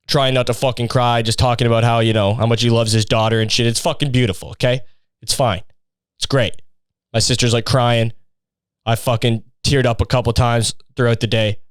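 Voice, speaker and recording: A man's voice: mid-range voice, smooth, dry recording. Rambling, profane man. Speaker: podcast host. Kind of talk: casual comedic monologue.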